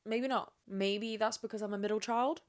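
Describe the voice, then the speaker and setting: A woman's voice: medium pitch, fairly even intonation, moderate pace. A young woman hosts a solo podcast in a loose, rambling way. She swears freely, quizzes herself and answers back, and talks in a mid-range voice. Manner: candid, profane, rambling, self-questioning. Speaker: podcast host. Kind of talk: casual solo podcast chat.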